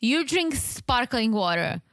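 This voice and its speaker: A woman's voice: fairly high pitch, big pitch swings, slow pace, a bit bright, no echo. A woman co-hosting a podcast in playful, joking casual chat. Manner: playful, jokey, tries out accents. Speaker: podcast co-host.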